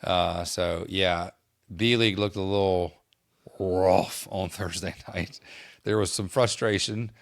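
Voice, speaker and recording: A man co-hosting a podcast, talking in a measured, wry way and steering clear of swearing. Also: low voice, steady tone, no echo, clean studio sound. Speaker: podcast co-host. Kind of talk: casual chat.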